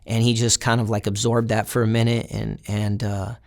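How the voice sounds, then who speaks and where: A man's voice: fairly low pitch, level tone, moderate pace. A young man, an interview guest, telling a personal story in a casual, reflective way and voicing the people in it. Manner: casual, reflective retelling with acted quotes of other inmates.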